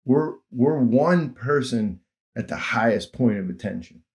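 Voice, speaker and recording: A man in his fifties talking in a relaxed, animated way at a mid-range pitch. He tells stories with plenty of laughter and acts out the voices of the people he met. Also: a little slow. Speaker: former field worker telling stories. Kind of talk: casual storytelling conversation.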